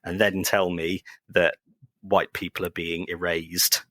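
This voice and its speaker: A man's voice: sits low, flat delivery, slow, fairly bright tone, dry recording. A man on a podcast making an earnest point, hesitating with fillers as he builds his argument. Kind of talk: casual podcast discussion.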